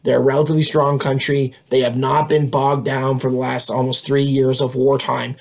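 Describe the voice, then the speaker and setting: A man's voice: medium pitch, little pitch movement, moderate pace, vocal fry. A man teaching a history lesson in a casual, conversational way, with frequent fillers and tag questions. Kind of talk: casual classroom lecture.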